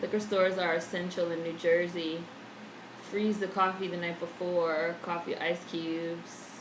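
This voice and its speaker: A woman chats at an unhurried pace on a live stream from home, her fairly low voice keeping a level tone. She swears freely and reads the chat aloud, in an echoey room with faint noise in the background.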